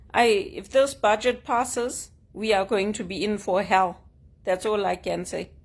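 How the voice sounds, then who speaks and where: A woman vlogging at home, talking frankly and with grievance in short emphatic statements. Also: medium pitch. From Zimbabwe. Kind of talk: personal vlog monologue. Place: at home, sitting on a couch.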